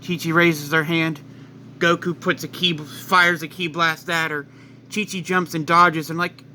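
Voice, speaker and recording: A man tells a fan-made what-if story in quick, excitable narration. His voice is bright and keen, a bit higher than usual for a man. He talks casually and keeps the story moving. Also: slight background noise.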